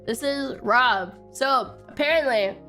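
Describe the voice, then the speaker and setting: High-pitched young girl streamer, rambly with tons of "like"s, gets shrieky when hyped. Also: slow, soft background music. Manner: animated, laughs and shrieks when excited; frequent fillers like "like" and "um". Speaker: VTuber streamer. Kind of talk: casual storytelling stream.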